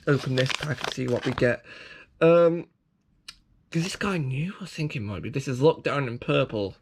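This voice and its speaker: A man's voice: medium pitch, moderate pace, a little hiss or hum. A man rambling through a casual toy unboxing, self-mocking and prone to fits of giggling.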